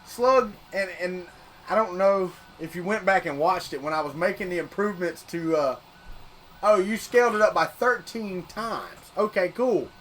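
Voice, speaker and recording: A high-voiced man with a Southern US accent, from Florida, talks loosely to his livestream viewers about 3D printing. He rambles and often restarts or repeats words as he works at his printer. A faint hum of room ambience sits behind him. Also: normal speed, fairly bright tone. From Florida, United States. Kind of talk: casual live-stream chat.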